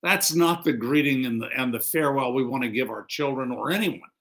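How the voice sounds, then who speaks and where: A man's voice: mid-range voice, fairly quick, fairly bright tone. A middle-aged man preaching a conversational sermon as a pastor, acting out quoted lines.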